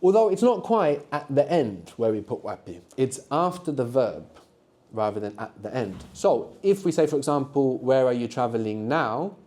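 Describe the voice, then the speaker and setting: A man's voice: mid-range voice, big pitch swings, moderate pace, a little mellow. A man teaching a live beginners' language workshop to students in a classroom, patient and encouraging, explaining step by step. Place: university classroom.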